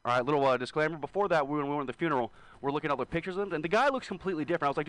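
A young man in his twenties doing a rambling, crude stand-up set. He is hungover and leans into self-deprecating confessions. His voice sits a bit high for a man. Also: racing, hardly any pauses, fairly bright tone, dry recording, rough recording. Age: 20s. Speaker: stand-up comedian. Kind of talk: stand-up set at an open mic.

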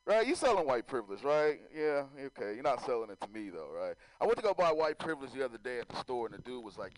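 A man's voice: mid-range voice, very animated, a little fast, poor audio. A man doing a loose, profane stand-up comedy set, often laughing at his own jokes.

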